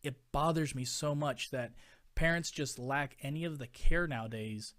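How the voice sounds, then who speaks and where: A man's voice: medium pitch, moderate pace, fairly bright tone. A man in his thirties, a podcast host, ranting casually in an emphatic, exasperated way, with many fillers. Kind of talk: casual opinion rant.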